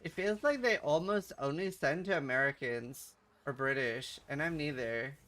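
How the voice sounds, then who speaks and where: A man chats loosely with his stream audience, swearing freely and bantering back at them. His voice is bright and forceful, sitting a little higher than most men's. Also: moderate pace. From Norway. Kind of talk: casual livestream chat.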